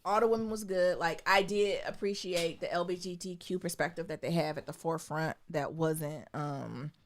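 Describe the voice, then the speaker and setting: A woman co-hosting a podcast, chatting casually in an animated, candid way and swearing freely. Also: on the low side, moderate pace. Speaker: podcast co-host. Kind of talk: casual chat.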